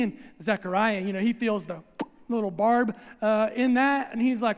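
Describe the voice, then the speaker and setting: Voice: medium pitch, steady tone, moderate pace, big-room sound. A preacher giving a conversational sermon who acts out scenes and keeps checking in with the congregation, recorded in a church sanctuary.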